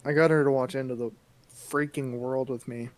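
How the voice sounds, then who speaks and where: A young man co-hosting a casual podcast, joking around in quick, animated bursts. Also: mid-range voice, no echo. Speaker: podcast co-host. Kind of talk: casual chat.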